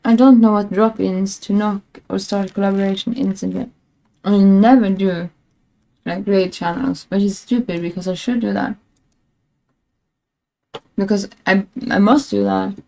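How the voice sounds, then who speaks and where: A woman streaming live, musing aloud about her tech troubles in a slow, unhurried ramble. Her voice is dark and gravelly with plenty of fry. She keeps laughing at herself between complaints. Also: mid-range voice, fairly even intonation, poor audio. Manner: rambling, self-mocking, laughs often; frustrated with tech. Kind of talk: casual live-stream chat.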